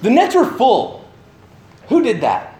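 A man giving a sermon, animated and full of questions to his listeners, acting out the voices of the people in his story. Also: extremely high pitch, slow pace, roomy sound. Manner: animated, acts out voices of the disciples; asks the listeners many questions. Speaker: pastor.

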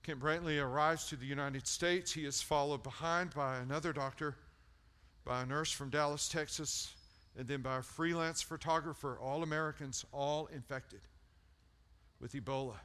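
A male pastor preaches an animated, story-driven sermon, repeating words for emphasis and swinging from loud peaks to hushed lines. His voice is on the high side, at a moderate pace.

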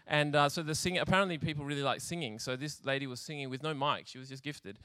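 Male preacher, casual and funny, crisp bright tone, dry close sound. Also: fairly high pitch, fast, dry recording. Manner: chatty, laughs often, acts out scenes. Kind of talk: humorous sermon storytelling.

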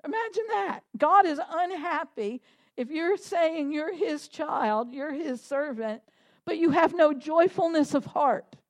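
A woman preaching a sermon to a congregation, animated and laughing, building to fervent, shouted prayer. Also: high voice, measured pace.

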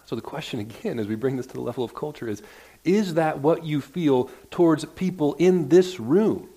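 A man's voice: a little high, animated, moderate pace, dark tone, husky. A man preaching a sermon to his congregation in a church, earnest and conversational, often restarting his sentences as he works toward a point. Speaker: pastor. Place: church sanctuary.

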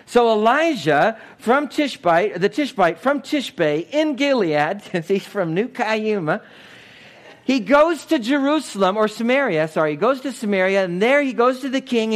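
A man preaching, animated and conversational, who keeps firing questions at his congregation. His voice sits a little on the high side, and he swings between loud, high bursts and quiet, low asides. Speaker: pastor. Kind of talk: lively teaching sermon.

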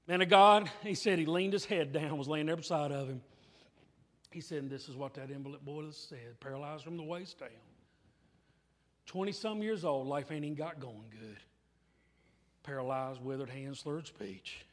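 A man's voice: fairly high pitch, normal speed, a bit bright, in a large hall. A man preaching a revival sermon in church, telling a story emphatically and repeating his phrases. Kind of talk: revival sermon with altar call. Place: church sanctuary.

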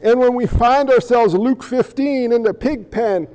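A male pastor preaching an animated sermon, acting out the voices he quotes. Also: extremely high pitch, a little slow. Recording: echoey hall, dull lo-fi sound.

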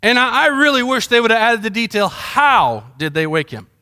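A man's voice: extremely high pitch, very animated, moderate pace, bright, forceful tone. A middle-aged man preaching a sermon as pastor, conversational and full of storytelling. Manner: conversational storytelling, mimics sounds.

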